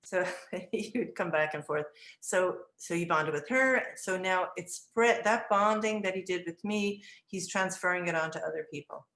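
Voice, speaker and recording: Echoey older woman telling classroom stories. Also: moderate pace. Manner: acts out dialogue in lively high voices. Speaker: early childhood educator. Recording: echoey room.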